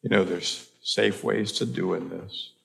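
Older man, pastor. Gravelly, fairly low. Earnest, halting sermon delivery. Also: steady tone, fairly bright tone. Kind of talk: sermon storytelling.

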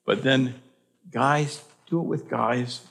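An older man preaching as a pastor, telling stories in an earnest, halting way with frequent restarts. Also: medium pitch, creaky, fairly bright tone. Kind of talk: sermon storytelling.

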